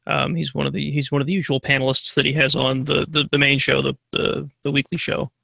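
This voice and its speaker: A man's voice: medium pitch, little pitch movement, a little fast, vocal fry, sharp tone, no room sound, studio quality. A man co-hosting a casual tech podcast, telling rambling stories and laughing often. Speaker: podcast co-host. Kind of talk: casual chat.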